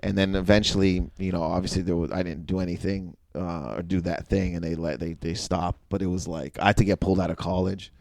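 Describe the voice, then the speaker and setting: A man telling animated stories in a casual podcast chat, laughing often and acting out what people said. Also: sits low, brisk, creaky, few pauses, no echo. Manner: animated storyteller, laughs often, acts out quotes. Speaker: guest comedian.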